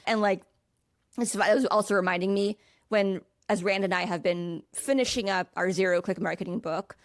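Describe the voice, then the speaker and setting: A woman's voice: medium pitch, steady tone, moderate pace, no echo, clean studio sound. A woman hosting an interview, talking in a rambling, casual way with lots of filler words. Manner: rambling, many fillers like 'like'. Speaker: podcast host.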